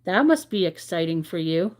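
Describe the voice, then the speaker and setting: A woman's voice: lowish voice, big pitch swings, normal speed. A woman hosting a crochet livestream, chatting candidly and rambling a little as she reflects and reads out comments from viewers. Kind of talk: casual chat with viewers.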